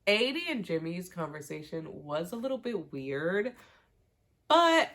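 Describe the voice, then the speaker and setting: A woman with a lowish voice talks through a show recap like she's chatting with a friend. She's slangy and animated, drops the odd swear, and keeps the storytelling loose and personal. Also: unhurried. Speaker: TV recap vlogger.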